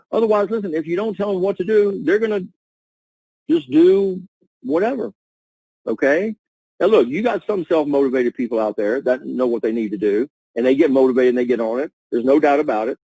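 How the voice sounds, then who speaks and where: A man giving an energetic, repetitive coaching talk to a sales team over a webinar. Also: on the high side, a little fast, dry recording, rough recording. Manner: energetic, coaching, repeats himself.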